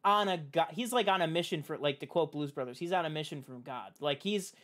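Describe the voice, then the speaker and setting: Excitable higher-voiced man. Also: a little fast. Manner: animated, profane, heavy use of "like". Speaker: podcast host. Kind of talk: casual film chat.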